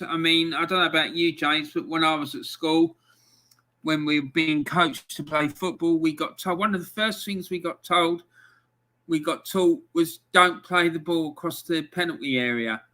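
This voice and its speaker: A man's voice: fairly high pitch, normal speed, sharp tone. A man hosting a live football fan stream, ranting in angry exasperation about his team's loss. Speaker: fan channel host.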